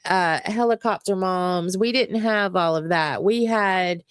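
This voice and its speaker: A woman's voice: lowish voice, measured pace, clean tone, no room sound, studio quality. A woman hosting a casual morning livestream, chatting to her viewers in a laid-back way. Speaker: livestream host.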